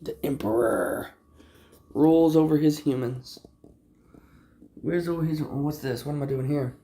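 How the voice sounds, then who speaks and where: Gravelly man chatting to his cats. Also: on the high side, unhurried, long pauses, dark tone. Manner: playful, swears freely, coos at his cats in baby talk. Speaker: pet vlogger filming his cats. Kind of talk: casual livestream chat. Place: indoors at home. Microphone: phone or camera on a tripod.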